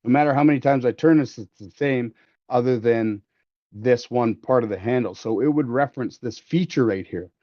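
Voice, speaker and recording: A man's voice: mid-range voice, moderate pace, no echo. A man hosting a casual livestream from a workshop, demonstrating 3D scanning while joking and rambling with plenty of fillers and restarts. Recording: slightly dull, lo-fi stream audio.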